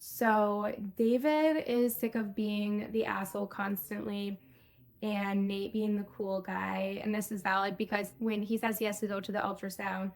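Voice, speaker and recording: A woman co-hosting a casual podcast, recapping an episode in a loose, chatty way. Her voice sits in a middle range with a gravelly, creaky texture. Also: medium pitch, fairly even intonation, a little slow. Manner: chatty, retells scenes with quoted lines. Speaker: podcast co-host.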